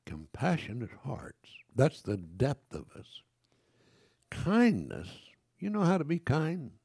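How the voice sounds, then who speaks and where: An older man preaches a sermon, reading scripture and then talking straight to his congregation. His voice swings widely in pitch and has a mellow, darker tone. The sound is dry and close. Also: slow, gravelly, breathy edge, dry recording. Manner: lively preaching, reads scripture aloud, frequent self-corrections; conversational asides to the congregation.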